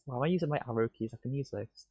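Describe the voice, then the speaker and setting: A man streaming live, muttering to himself in excitable bursts with stammered restarts, on dull lo-fi stream audio. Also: medium pitch, rapid-fire, slightly rough, no echo. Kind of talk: casual live-stream self-talk.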